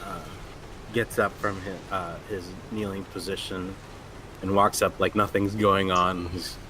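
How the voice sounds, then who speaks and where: A man's voice: low voice, little pitch movement, a little slow, noisy background. A man narrating as game master, with a loose, hesitant delivery full of restarts.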